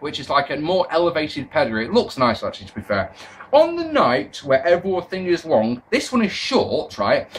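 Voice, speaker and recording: A man's voice: on the high side, a bit bright, a little hiss or hum. British guy ranting sarcastically, swears a lot, voice jumps all over. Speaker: wrestling show reviewer. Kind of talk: casual review commentary.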